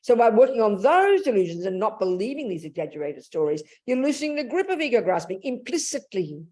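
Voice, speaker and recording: An older woman giving a Buddhist dharma talk, blunt and animated, calling her listeners darling and sweetheart. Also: medium pitch, brisk. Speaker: Buddhist teacher.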